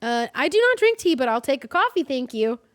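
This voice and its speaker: A woman's voice: high-pitched, big pitch swings, brisk, no room sound, voice pushed up. A woman voicing a tired middle-aged businessman who talks in a stiff, formal, literal way. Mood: insistent.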